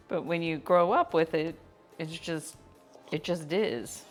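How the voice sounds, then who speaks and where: A woman's voice: low-pitched, fairly even intonation, slow pace, long pauses, soft background music. A woman chatting casually while she cooks on a live stream, explaining as she goes and laughing often. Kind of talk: casual cooking stream chat.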